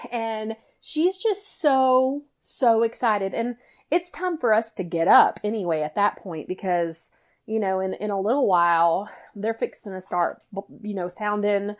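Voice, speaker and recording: A middle-aged woman tells a personal story in casual chat, animated and full of "you know" fillers. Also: on the high side. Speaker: guest storyteller, mother.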